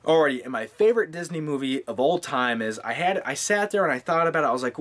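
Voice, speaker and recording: A man in his twenties rambling and joking through a casual movie countdown vlog, with lively asides to his viewers. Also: on the high side, fast, hardly any pauses. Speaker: movie-review vlogger.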